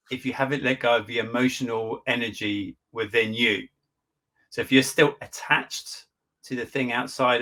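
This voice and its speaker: A British man, a guest coach, calmly explaining an idea step by step in an interview. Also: mid-range voice. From Britain.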